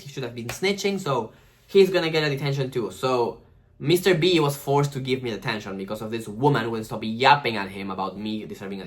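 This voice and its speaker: A man in his twenties telling a casual storytime, rambling, swearing and full of slang and fillers. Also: medium pitch. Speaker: vlogger.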